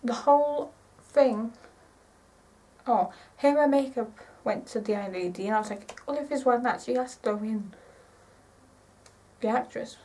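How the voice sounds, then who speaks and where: A woman in her twenties chatting casually to camera in a rambling, excitable way, often correcting herself. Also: fairly high pitch, a little slow, pauses often, recorded from a distance, rough recording. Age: 20s. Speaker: vlogger.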